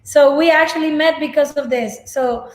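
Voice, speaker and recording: High-voiced earnest woman, echoey room. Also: moderate pace. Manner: earnest, grateful, repeats herself. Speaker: co-host. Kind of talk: casual video talk to viewers. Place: home.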